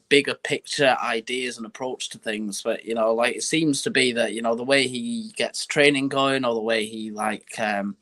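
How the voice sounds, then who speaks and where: A man's voice: medium pitch, a bit bright. A man co-hosting a football podcast, thinking aloud in a hesitant, rambling way. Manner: hesitant, many fillers and restarts. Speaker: podcast co-host. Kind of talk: casual football podcast chat.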